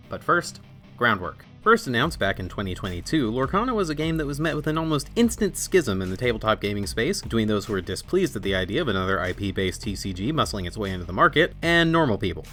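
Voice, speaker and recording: A young man narrates a scripted comedic review, his tone dry and sarcastic. His voice sits low but swings widely up and down, keeping the delivery animated. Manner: sarcastic, irreverent. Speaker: video essay host.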